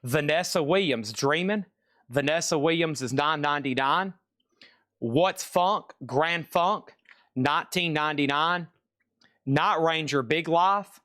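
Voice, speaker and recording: A man hosting a live-streamed vinyl record sale, briskly listing records and prices and apologizing for delays. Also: a little high, fairly bright tone, dry recording, clean studio sound.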